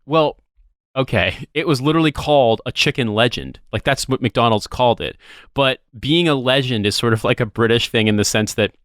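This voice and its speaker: An American man talking loosely on a podcast, wandering from one aside to the next and dropping the odd curse. His voice is smooth and clear, and it sounds close and dry. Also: medium pitch, a little fast, a bit bright, no echo. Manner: rambling, swears casually, tries silly voices. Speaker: podcast co-host. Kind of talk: casual podcast chat.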